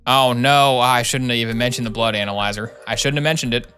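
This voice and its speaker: A man's voice: medium pitch, fast, soft background music. Playful man commenting on a game. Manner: playful, excitable reactions. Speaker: game streamer. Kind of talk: let's-play commentary.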